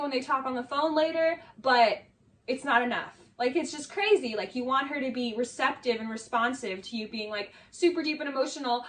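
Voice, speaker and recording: A woman's voice: sits high, brisk, distant mic. A young woman giving casual video essay commentary, sarcastic and exasperated, saying "like" a lot.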